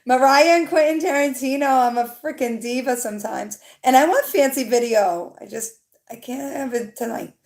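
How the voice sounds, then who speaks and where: A woman's voice: high-pitched, normal speed, a little mellow. A young adult woman tarot reader hosting a livestream, chatting casually and rambling, swearing now and then, and talking to her viewers in the chat.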